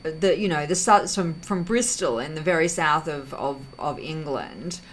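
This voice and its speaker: A woman hosting her own vlog, talking through her thoughts in a rambling, casual way, often correcting herself and filling pauses. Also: deep voice, slight background noise, rough recording. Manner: rambling, self-correcting, heavy use of fillers. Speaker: vlog host. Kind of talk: casual reflective monologue.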